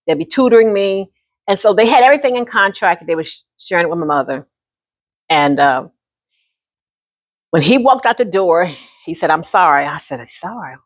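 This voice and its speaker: A woman in her sixties telling a personal story to camera in an animated, folksy way, often calling the listener honey. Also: mid-range voice, moderate pace, pauses often. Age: 60s. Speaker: vlogger.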